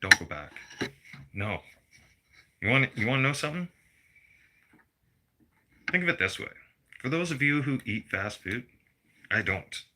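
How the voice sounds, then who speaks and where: A man's voice: mid-range voice, very animated, a little slow, long pauses, pushed and bright, slight background noise. A middle-aged man delivering a blunt, profane personal rant to his viewers. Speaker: vlogger.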